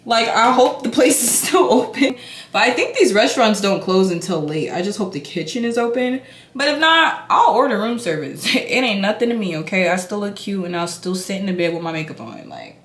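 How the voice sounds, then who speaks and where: A young woman talks animatedly as she gets ready in front of the camera. Her voice sits at an ordinary pitch, and the room around her gives it a clear echo. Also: a little fast. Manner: chatty and animated, talking while doing makeup. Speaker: beauty vlogger. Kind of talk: casual get-ready-with-me chat. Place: indoor room, hotel. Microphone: camera mic. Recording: echoey room.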